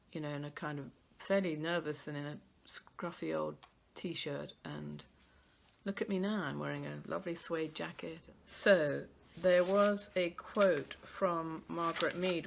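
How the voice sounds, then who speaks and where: Gravelly, chatty British woman hosting a live stream. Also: deep voice, a bit bright. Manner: rambling, chatty, self-deprecating. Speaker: host of a live poetry stream. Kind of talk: casual live-stream chat and poetry reading.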